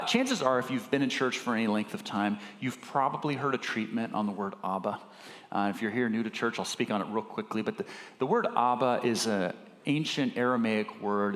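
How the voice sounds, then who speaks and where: Lively conversational pastor in an echoey hall. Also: male voice, mid-range voice. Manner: conversational, with filler words and restarts; gets emotional speaking of his children. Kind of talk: sermon. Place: church sanctuary. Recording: echoey church hall with long reverb.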